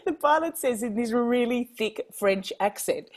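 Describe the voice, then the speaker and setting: Author guest, woman from Queensland: lively anecdotal storyteller, quick to laugh. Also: on the high side. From Queensland, Australia. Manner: animated anecdotes, laughing often. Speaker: author and former foreign correspondent. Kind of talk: interview storytelling.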